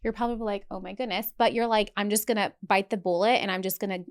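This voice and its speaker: A woman's voice: mid-range voice, fast, smooth. A woman co-hosting a parenting podcast in casual chat, telling stories and acting out both sides of conversations. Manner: animated storytelling, acts out dialogue. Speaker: podcast co-host.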